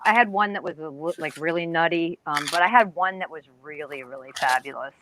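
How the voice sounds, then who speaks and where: A woman's voice: deep voice, brisk, fairly bright tone, a little hiss or hum. Chatty, supportive woman hosting a live chat. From near New York, United States. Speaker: host of a live online craft chat. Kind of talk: casual chat.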